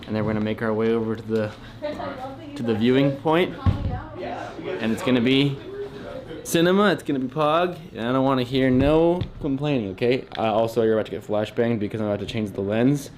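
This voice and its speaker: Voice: mid-range voice, fairly even intonation, a little fast, a crowd in the background. A livestreamer chatting playfully to viewers while walking through an outdoor rally. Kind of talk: walking livestream talk to chat.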